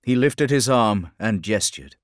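A male narrator reads a story in steady, measured tones, with a grim, even delivery. His voice sits a touch low for a man. The recording is close and dry, with no room sound. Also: no room sound. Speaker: audiobook narrator. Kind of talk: scripted narration.

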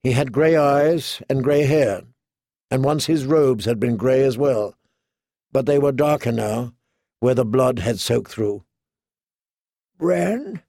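A man narrating an audiobook in an even, measured storytelling manner. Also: medium pitch, no echo, clean studio sound.

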